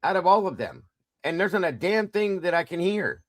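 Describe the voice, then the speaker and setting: A dry recording captures a man hosting a casual true-crime livestream in a high-pitched, very animated, fairly bright voice at a moderate pace. He speaks bluntly with frequent profanity and keeps saying it's just his opinion.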